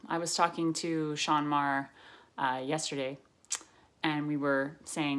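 A woman's voice: low-pitched, fairly even intonation, moderate pace, fairly bright tone. A woman with a Canadian accent, recording a playful, joking video greeting to her fans. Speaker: actress sending a fan greeting. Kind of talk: casual video message.

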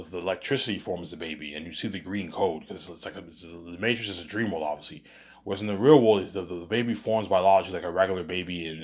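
Deep-voiced man rambling through a story. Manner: rambling, with many restarts and "you know what I'm saying"; casual, with swearing. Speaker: host. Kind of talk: casual storytelling monologue.

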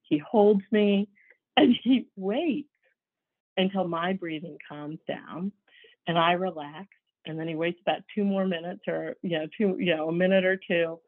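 A woman's voice: lowish voice, measured pace, dry recording. A middle-aged woman giving a conversational workshop talk, telling stories and acting out quoted dialogue. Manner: warm storytelling, acts out quoted dialogue. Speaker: workshop speaker. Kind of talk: conversational presentation. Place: home office. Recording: dry, tinny phone-like audio.

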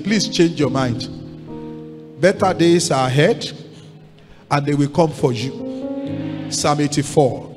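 A Nigerian pastor with a fairly high-pitched voice preaches a sermon a little slowly, pausing often. He exhorts his congregation through repetitive call-and-response, making repeated declarations and urging them to repeat lines back to him. It's recorded in a large church hall with long reverb and faint music.

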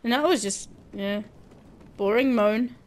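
A woman's voice: a little high, unhurried. A young woman streaming a shooter game, chatting casually with her viewers, joking, laughing and swearing freely. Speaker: gaming streamer.

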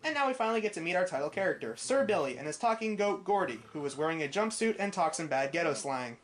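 A woman's voice: on the low side, expressive, fast talker. A woman from New York reviewing a film in snarky, mocking commentary. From New York, USA. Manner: snarky, mocking, growing exasperated. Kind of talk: sarcastic movie review commentary.

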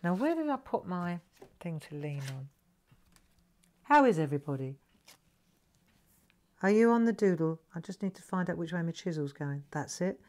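A middle-aged woman hosting a live craft lesson, chatting gently and coaxing viewers to relax as she demonstrates. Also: lowish voice, very animated, normal speed, long pauses.

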